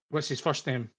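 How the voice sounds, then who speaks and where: A man's voice: on the high side, a bit bright, breathy edge. A man hosting a podcast in casual chat, rambling and laughing often. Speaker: podcast host.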